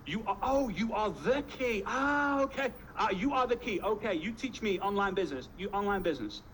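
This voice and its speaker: Man doing a mock Russian accent, burly blunt businessman, broken halting English, high-ish voice. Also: lively intonation, a bit bright, slight background noise, poor audio.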